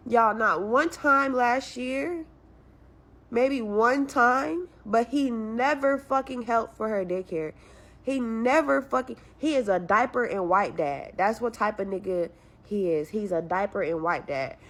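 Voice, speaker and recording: A woman's voice: on the high side, measured pace, fairly bright tone. A young woman venting about her struggles in a blunt, frustrated way, cursing heavily as she tells her story. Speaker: caller telling her story.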